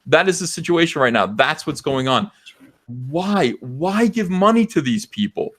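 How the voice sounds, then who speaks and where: A man hosts a live stream in a heated, impassioned rant, sometimes nearly yelling. His voice sits a little high and swings widely up and down as he mocks others in put-on voices. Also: lively intonation, normal speed. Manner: loud, impassioned, mocking impressions. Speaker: livestream host.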